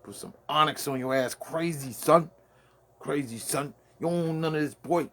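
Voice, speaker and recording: A man's voice: on the high side, normal speed, fairly bright tone, a little hiss or hum. A man with a Brooklyn accent hosting a late-night solo rant from his man cave, full of boastful, profane trash talk. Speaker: host.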